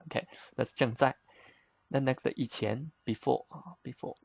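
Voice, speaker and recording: A man's voice: mid-range voice, moderate pace, vocal fry, husky, dry recording. A man teaching vocabulary, explaining patiently step by step in plain, slightly broken English with simple examples. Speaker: Chinese teacher.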